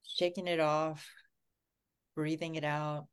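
A woman co-hosting a livestream, talking softly and calmly as she guides a grounding meditation. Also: low-pitched, clear, resonant tone. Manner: slow, soft-spoken, calming. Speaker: co-host.

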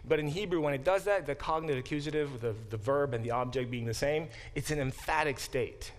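Man, professor, classroom lecture, emphatic, fairly high voice. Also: a little fast.

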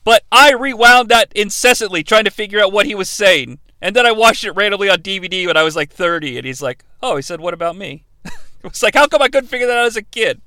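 A man's voice: sits high, animated, fast, pushed and bright, no room sound. A man in his thirties hosting a comedic wrestling review podcast, playful and sarcastic. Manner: playful, sarcastic, jumps into impressions. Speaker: podcast host.

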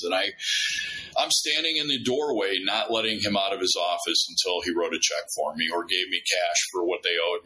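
A middle-aged male guest tells stories in a casual conversation, animatedly acting out dialogue and restarting often. His voice is lowish, and the recording is rough.

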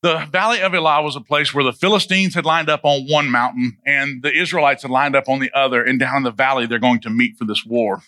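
A man's voice: medium pitch, steady tone, brisk, few pauses, pushed and bright, dry recording. A male pastor who retells a Bible story in a loose, humorous, conversational sermon and asks his listeners questions.

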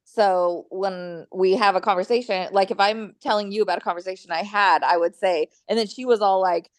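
A woman's voice: medium pitch, steady tone, brisk. A Californian woman co-hosting a podcast, chatting casually and telling anecdotes with easy laughter. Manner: chatty storyteller, laughs easily. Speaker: podcast co-host. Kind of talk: casual chat.

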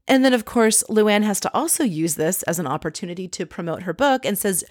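A woman recapping a reality show for her viewers in an animated, gossipy way, swearing casually as she tells the story. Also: lowish voice, fairly quick, hardly any pauses, dry recording, clean studio sound.

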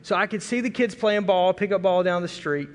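A middle-aged man from Arkansas preaching a sermon, telling a folksy, animated story and acting out family voices. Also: high-pitched, a little fast. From Arkansas, USA. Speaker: pastor. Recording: long reverb of a large hall.

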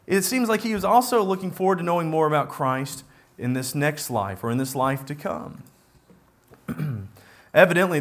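High-voiced man preaching a sermon. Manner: earnest, repeats phrases for emphasis, reads scripture aloud.

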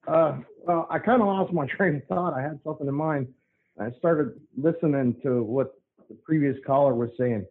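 A man calls in over a thin, phone-like line, rambling earnestly in a folksy, plain-spoken way. His voice sits a little high for a man. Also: normal speed. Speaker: caller. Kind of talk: casual call-in chat.

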